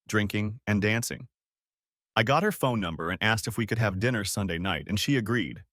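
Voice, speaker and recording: A man narrating a first-person story as an audiobook reader with a steady storytelling manner. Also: lowish voice, no room sound, clean studio sound.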